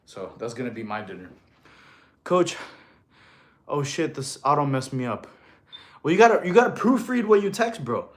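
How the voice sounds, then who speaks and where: A man's voice: a little high, very animated, moderate pace, long pauses. A fitness coach, a man, chatting casually on a live stream, reading viewers' comments aloud, joking, laughing often and calling people bro. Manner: counts out push-ups between answers.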